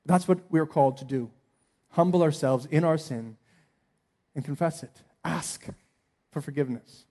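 Delivering an earnest sermon, this thirtysomething pastor goes quiet and then builds to forceful appeals. He speaks at a normal pace with a fairly high pitch.

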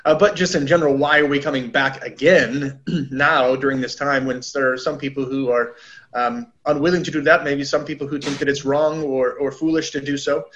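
A man speaking as a pastor in a casual church discussion, earnest and halting with many restarts. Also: medium pitch, steady tone, a bit bright, lo-fi sound.

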